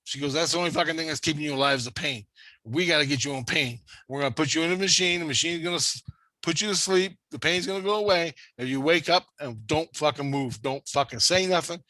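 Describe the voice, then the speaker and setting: Fast and sharp, a slightly high male voice carries a long, rambling story, with no room sound behind it. He's recounting a spirit-world experience casually but with intensity, and the swearing never stops.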